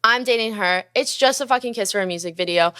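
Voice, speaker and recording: Talking fast in a voice on the high side, a young woman hosting a podcast swears often while animatedly acting out people's lines in a casual story. She is also a musician, and the sound is clean, dry and studio quality.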